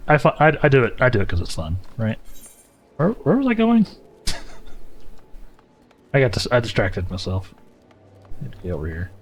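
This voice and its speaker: A man with a Southern US accent, chatting casually and rambling as a livestreamer while playing a game. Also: mid-range voice. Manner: rambling, self-correcting, chuckling. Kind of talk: casual gaming livestream chat. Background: faint game music.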